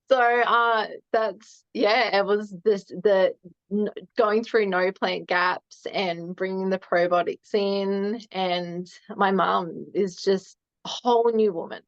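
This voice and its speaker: A woman's voice: medium pitch, fairly even intonation, slow, dry recording. Chatty woman on a dull, dry mic. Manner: chatty, lots of "um" and "like", laughs often. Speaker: guest. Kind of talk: casual storytelling.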